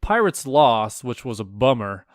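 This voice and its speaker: A man co-hosting a podcast in casual chat, halting and full of fillers as he gives his weekly update. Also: mid-range voice, sing-song, no echo, studio quality. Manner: halting, lots of fillers and restarts. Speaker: podcast co-host.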